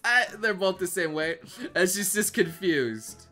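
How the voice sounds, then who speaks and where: A man from the United States giving excitable livestream reaction commentary, stammering through restarts and swearing crudely. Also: high voice, measured pace, soft background music. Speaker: streamer.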